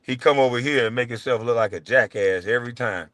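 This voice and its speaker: A man hosting his own show, delivering a heated, profane solo rant, taunting and swinging between loud jabs and low mutters. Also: quick pace, no room sound. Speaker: show host.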